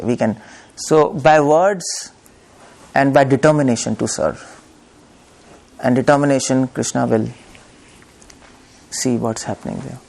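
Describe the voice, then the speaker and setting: In a lecture hall, a preacher gives a devotional sermon with a mid-range, slightly mellow voice and some vocal fry. He narrates a story, performing its characters' voices and laughing between points.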